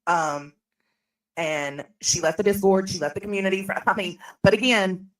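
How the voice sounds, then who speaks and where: A woman giving a careful statement in a measured, hesitant way with frequent ums. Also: mid-range voice, fairly even intonation, far from the mic, low-quality recording. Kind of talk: reading a prepared statement.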